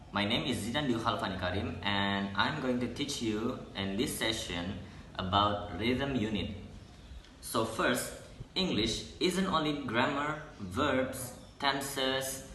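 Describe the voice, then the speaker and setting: A young man, a student presenting an English lesson in a halting way, correcting himself as he goes. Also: medium pitch, pushed and bright, a little hiss or hum. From Indonesia. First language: Indonesian. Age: young adult. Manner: halting, with restarts and self-corrections. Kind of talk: classroom explanation. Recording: echoey room.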